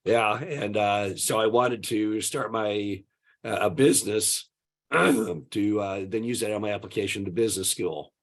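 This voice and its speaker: A man in his sixties, hoarse and gravelly from the flu, giving a relaxed talk full of "uh" fillers over a video call. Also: on the low side, a little slow. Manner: relaxed storytelling with many "uh" fillers. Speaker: guest speaker. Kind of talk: conversational webinar presentation.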